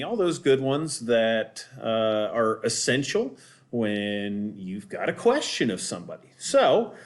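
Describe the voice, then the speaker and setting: Slow, patient man teaching a lesson. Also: medium pitch. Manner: slow, patient, repeats words with many okays. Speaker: Spanish teacher. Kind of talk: recorded classroom lesson for students. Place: home, cats in the background.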